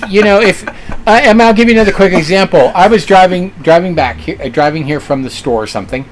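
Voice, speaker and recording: A man's voice: high voice, fast talker, a little hiss or hum. A man who co-owns a restaurant, telling stories in a casual interview with an earnest manner and lots of fillers and restarts. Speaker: restaurant co-owner.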